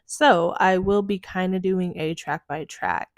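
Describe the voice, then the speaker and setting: Woman music reviewer with a slight lisp and a lowish voice, chatty and filler-heavy, dry close sound. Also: unhurried, dry recording. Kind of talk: casual album review commentary.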